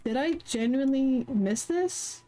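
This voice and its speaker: A woman's voice: high-pitched, animated, unhurried, warm tone. A woman streaming casually, who swears a lot, sounds flustered and confused, and sings along with the music between her remarks. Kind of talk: casual livestream chat, singing along. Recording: music playing in background.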